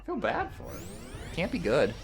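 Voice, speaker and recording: A woman's voice: deep voice, wildly swooping pitch, normal speed, breathy edge, soft background music. A woman co-hosting a let's play, making dry, wisecracking remarks as she plays. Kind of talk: casual gameplay commentary. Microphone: own desk microphone.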